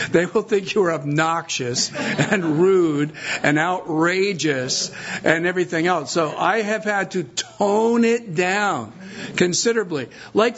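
A man's voice: sits high, a bit bright, highs cut off. A middle-aged man from the New area, a pastor chatting and joking with his congregation before his sermon. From New York metropolitan area. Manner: chatty, self-deprecating, joking storyteller.

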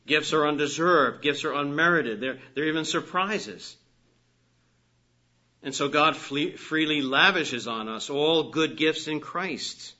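A man preaching a sermon, earnest and emphatic, lifting his voice on key phrases and dropping soft at the ends of sentences. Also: fairly high pitch, a little slow. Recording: dull lo-fi recording.

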